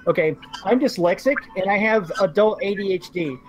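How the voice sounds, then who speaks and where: A man's voice: high voice, moderate pace, slight background noise, poor audio. A man co-hosting a live stream, talking informally and earnestly with some hesitations. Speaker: co-host. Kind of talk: casual live-stream chat.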